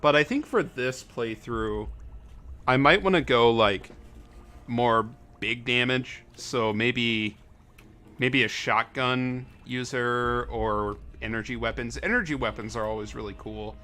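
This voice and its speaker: Young guy streaming a game, rambly, keeps restarting sentences, bright voice. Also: medium pitch, slow. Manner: rambling and self-correcting, laughs often. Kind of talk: casual live-stream commentary.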